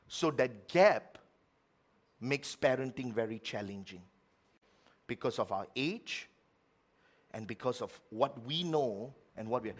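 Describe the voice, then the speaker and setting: A middle-aged man preaching a sermon as pastor, with lively swings between loud, emphatic lines and quiet ones. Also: medium pitch.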